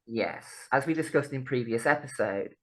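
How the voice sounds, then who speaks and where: A woman's voice: extremely low pitch, normal speed, a little hiss or hum. A woman, co-hosting a podcast in casual chat, laughing often, swearing freely and bantering. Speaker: podcast co-host.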